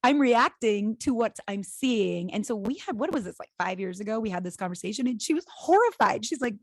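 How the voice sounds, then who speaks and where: Animated woman podcast host, dry sound. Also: mid-range voice, fairly quick, hardly any pauses, no room sound. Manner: animated, laughs often, acts out quoted voices. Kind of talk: casual chat.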